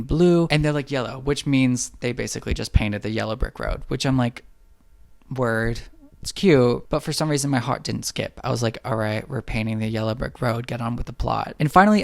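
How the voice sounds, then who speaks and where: A young man giving a snarky, profane comedic movie recap, acting out characters in quick asides. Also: medium pitch, vocal fry, no room sound.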